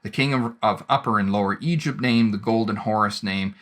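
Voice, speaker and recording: A man's voice: lowish voice, fairly quick, fairly bright tone. A man giving a recorded lecture, explaining step by step with frequent "right?" check-ins. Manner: explanatory, with verbal restarts and tag questions.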